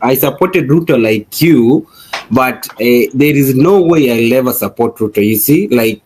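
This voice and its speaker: Earnest man, halting. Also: mid-range voice, expressive, a little mellow, a little hiss or hum, rough recording. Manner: earnest, halting, repeats words. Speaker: participant in online discussion.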